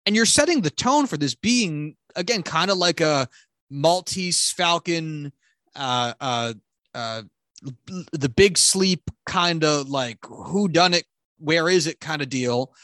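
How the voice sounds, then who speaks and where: Male podcast co-host, lively swinging delivery, rambling and profane, dry sound. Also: a little high, slow pace, no echo. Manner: rambling, profane, animated retelling. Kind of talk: casual movie review chat.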